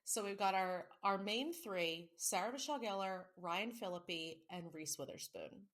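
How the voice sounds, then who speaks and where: A woman's voice: medium pitch, a little slow, fairly bright tone. Chatty woman podcast host. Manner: chatty, self-mocking, swears casually. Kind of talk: casual chat.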